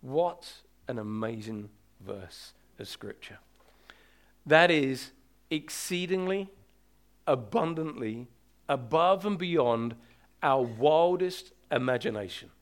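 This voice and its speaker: A man preaching a sermon as pastor, emphatic and urgent, slowing to draw out key words for weight. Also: mid-range voice, animated.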